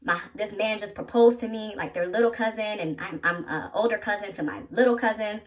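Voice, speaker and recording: A woman in her thirties telling a personal story to her viewers in an animated, chatty way, talking straight to them. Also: mid-range voice, fairly quick, distant mic. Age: 30s. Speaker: vlogger.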